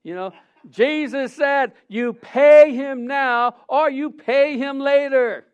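A man's voice: extremely high pitch, slow pace, highs cut off, pitched above the performer's own voice. A man imitating a fiery Southern Baptist preacher with an American Southern accent, delivering an emphatic warning. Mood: fervent.

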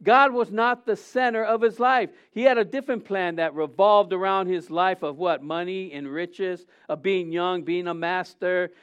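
Middle-aged male pastor with a high, smooth voice, preaching conversationally with rhetorical questions and frequent restarts. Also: fairly even intonation, moderate pace, hardly any pauses, fairly bright tone, lo-fi sound. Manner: frequent restarts and self-corrections. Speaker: senior pastor. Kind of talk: sermon.

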